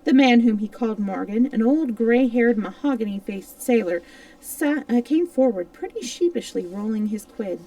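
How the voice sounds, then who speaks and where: A woman storyteller reading a classic adventure novel aloud at a steady pace, now and then tripping on a word and fixing it. Her voice is a little high, and she sits some way from the mic in a dry, dead room. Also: normal speed, no echo, distant mic, low-quality recording. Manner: steady narration with small slips and self-corrections.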